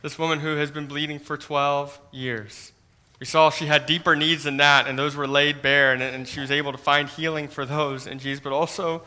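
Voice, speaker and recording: Bright-voiced male preacher, hushed and earnest. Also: on the high side, level tone, normal speed, few pauses. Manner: earnest, often drops to a soft hush; repeats words when starting phrases. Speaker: pastor. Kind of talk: sermon.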